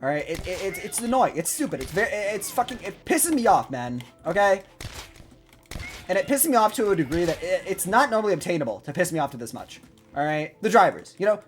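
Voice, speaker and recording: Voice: medium pitch, big pitch swings, a little fast, soft background music. A young adult vlogger in an unscripted, profane rant, rambling with many restarts.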